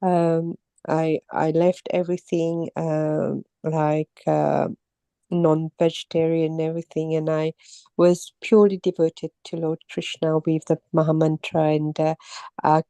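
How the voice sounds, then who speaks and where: A middle-aged woman from Mauritius, down with a cold and a sore throat, telling her story in a casual, halting way with many pauses and restarts. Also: low-pitched, level tone, dark tone, smooth, no echo. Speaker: interviewee, temple visitor. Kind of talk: casual personal account.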